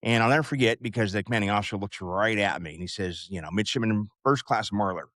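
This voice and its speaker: A man in his fifties tells a long personal story in a low, unhurried voice. He rambles, with plenty of "uh" and "you know" asides. The sound is close and dry, with no room echo. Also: fairly bright tone. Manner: rambling, many fillers and asides. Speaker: podcast host. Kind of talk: casual storytelling.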